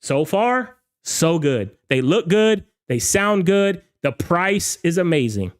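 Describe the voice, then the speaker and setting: A man hosting a DJ show, ranting in a casual, emphatic way and often checking in with "okay?", his voice slightly hoarse from talking all night. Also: sits high, big pitch swings, slow. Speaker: DJ show host. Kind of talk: casual livestream rant.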